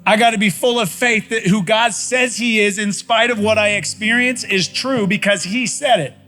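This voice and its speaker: High-voiced pastor preaching. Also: male voice, normal speed, pushed and bright, faint music behind. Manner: conversational preacher, repeats phrases for emphasis, folksy. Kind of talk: sermon. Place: church sanctuary.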